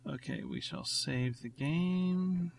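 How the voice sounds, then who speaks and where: A man's voice: on the high side, takes it slowly, vocal fry. Man chatting over gameplay, noisy line. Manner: rambling, thinking aloud, self-mocking. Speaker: let's play host. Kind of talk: casual gameplay commentary. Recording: noisy recording with clicks.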